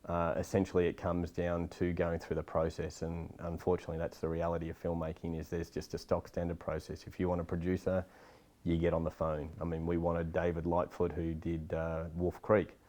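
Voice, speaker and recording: A middle-aged man gives a casual interview in a very deep, low voice. He talks bluntly, swears now and then and gets animated when he makes a point. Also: fairly quick. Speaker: filmmaker guest.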